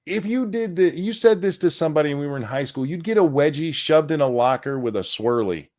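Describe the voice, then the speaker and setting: A man's voice: fairly high pitch, lively intonation, fairly quick, a little mellow. A man co-hosting a podcast in casual chat, sardonic and profane, with frequent sighs. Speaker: podcast co-host.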